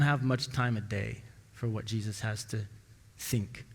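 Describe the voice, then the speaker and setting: A man preaching a sermon as pastor, telling stories and acting out the dialogue with lively shifts of voice. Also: a little slow. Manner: storytelling, acting out dialogue with rising pitch. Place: church sanctuary. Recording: long church hall reverb.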